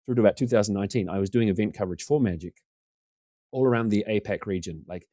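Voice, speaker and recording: A New man, low voice, fast rambling yarn. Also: dark tone, no echo. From New Zealand. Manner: rambling, self-deprecating, acts out quotes. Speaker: podcast guest. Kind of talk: casual storytelling.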